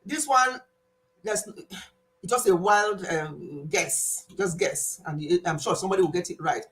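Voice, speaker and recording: A woman's voice: lowish voice, a little slow. A woman, hosting a casual live stream quiz and playfully scolding a viewer in a chatty way. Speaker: livestream host.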